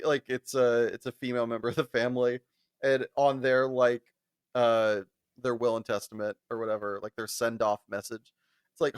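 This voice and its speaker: A man's voice: mid-range voice, clean tone, dry recording, clean studio sound. A man co-hosting a casual podcast chat, laughing often and acting out quoted lines as he retells scenes. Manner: animated, laughs often, acts out quoted voices. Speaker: podcast co-host.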